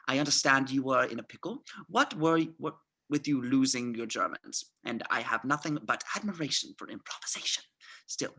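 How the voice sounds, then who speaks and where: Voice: mid-range voice, pushed and bright, exaggerated voice. Someone playing a suave, mocking Nazi colonel. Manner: mocking, theatrical, drawn-out. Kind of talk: amateur script reading.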